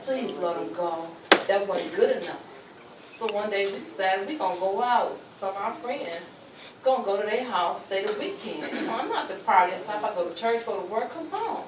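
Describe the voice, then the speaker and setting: At a luncheon in a roomy hall, a woman shares her personal testimony with emphasis, acting out the voices of the people she describes. Her mid-range voice is animated and brisk. The recording is distant and noisy, with an echoey room sound.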